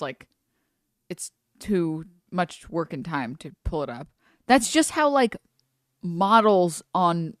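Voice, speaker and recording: Animated woman streamer, dry close sound. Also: on the low side, dry recording. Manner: rambling, nervous, many filler likes and laughs. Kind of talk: casual reaction stream chat.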